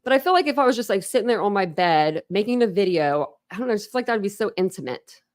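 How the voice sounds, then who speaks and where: A woman's voice: mid-range voice, lively intonation, quick pace, dry recording, clean studio sound. A woman hosting a true crime commentary stream, chatting in a rambling, teasing way. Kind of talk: casual reaction commentary.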